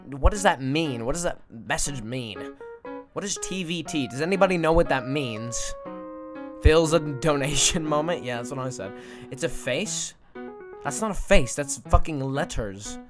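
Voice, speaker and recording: A sleep-deprived man from Canada, chatting with his livestream viewers in an excitable, swearing way with sudden yelps. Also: a little high, unhurried, music in the background. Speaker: streamer. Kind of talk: livestream chat reading viewer messages.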